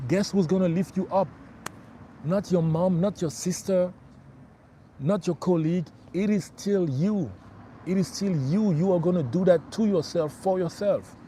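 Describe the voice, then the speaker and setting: A man's voice: high voice, a little slow, mellow, a little hiss or hum. A middle-aged man working as a spiritual life coach, giving an emphatic motivational livestream talk. He repeats his key phrases and calls his listeners bro.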